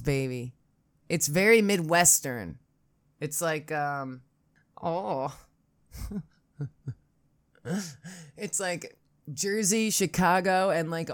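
A low-pitched woman with a Buffalo accent rambles through a solo podcast monologue, swearing freely and sounding wry. Her voice sits deep for a woman. The recording is dry and close, with no room echo. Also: lively intonation, slow pace, pauses often, clear, resonant tone. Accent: Buffalo, New York. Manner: profane, sardonic, rambling. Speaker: podcast host.

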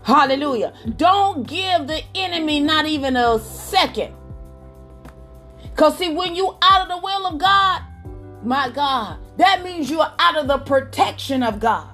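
A woman's voice: sits high, animated, measured pace, fairly bright tone, soft background music. A woman preaching a fervent sermon, calling out to her listeners and exclaiming praise as she goes.

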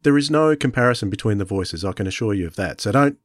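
A man's voice: fairly low pitch, expressive, quick pace, dry recording, studio quality. A man, co-hosting an interview, enthusiastic and reassuring, stumbling a little over his words. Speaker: podcast co-host. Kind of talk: conversational interview.

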